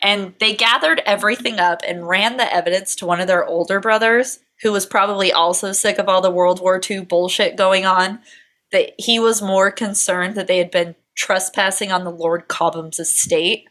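An American woman with a bright, ringing voice tells a true-crime story for a podcast. She swears freely and mixes in sarcastic asides. Her delivery stays animated and loose. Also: medium pitch, normal speed. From United States. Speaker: podcast host.

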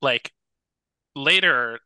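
A young man co-hosting a casual podcast, telling stories with lively, worked-up energy. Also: mid-range voice, drawn-out words, smooth, dry recording. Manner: animated storyteller, gets loud and worked up. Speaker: podcast co-host. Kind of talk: casual chat.

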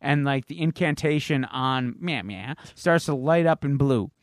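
A man co-hosting a podcast at a middling pitch, rambling through a story recap with plenty of fillers and the odd curse. The sound is dry and close, with no room echo. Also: a little slow. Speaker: podcast co-host. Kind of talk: casual chat.

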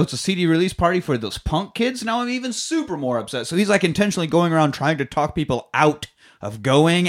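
A man in casual chat, retelling a movie's plot in a rambling way, swearing and acting out the characters' lines. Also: a little high. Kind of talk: casual chat recapping a film.

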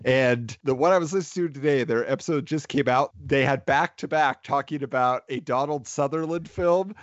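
Jokey animated man podcasting. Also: medium pitch, dry recording, lo-fi sound. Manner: animated, jokey, quick asides. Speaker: podcast host. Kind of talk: casual movie podcast chat.

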